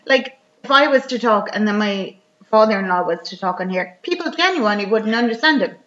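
An Irish woman with a bright, forward voice rambles through a movie plot in casual podcast chat, full of fillers. The recording is dull and lo-fi. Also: mid-range voice, expressive, fairly quick.

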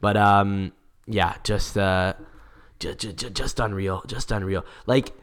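A man's voice: on the low side, takes it slowly, fairly bright tone, smooth. A man co-hosting a casual football podcast, rambling with lots of restarts and swearing. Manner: rambling, many restarts, swears, laughs at own stories; reads Italian quotes and translates them. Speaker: podcast co-host.

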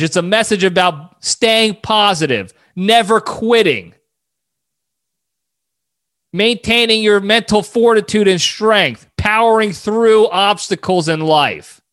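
A man hosting a solo podcast who rambles in an animated way, often cutting himself off mid-thought. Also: high voice. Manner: rambling, animated, self-interrupting. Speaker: podcast host.

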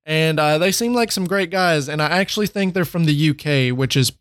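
Guy cohosting a horror podcast, kinda high voice, smooth, super dry close mic, goofing around and rambling. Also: fairly quick, a bit bright, no room sound. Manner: laid-back, jokey, trailing fillers. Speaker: podcast co-host. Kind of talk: casual chat.

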